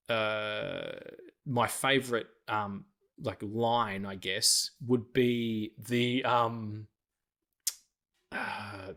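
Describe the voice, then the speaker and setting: A man chatting loosely on a film podcast, crude and quick to laugh. He throws himself into quoted movie lines, and his voice sits at an ordinary middle pitch. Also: fairly bright tone. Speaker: podcast co-host. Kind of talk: casual film podcast chat.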